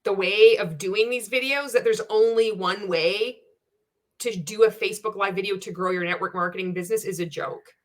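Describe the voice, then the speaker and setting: A woman's voice: mid-range voice, normal speed. A woman giving a sarcastic, profane reaction rant as a video commentator, blunt and scornful.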